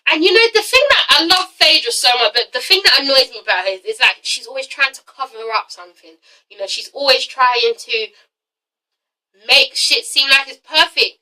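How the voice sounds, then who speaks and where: A woman's voice: sits high, expressive, moderate pace, bright, forceful tone, far from the mic, rough recording. A woman reviewing a TV episode in a casual, gossipy rant, frank and swearing freely. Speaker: TV show reviewer.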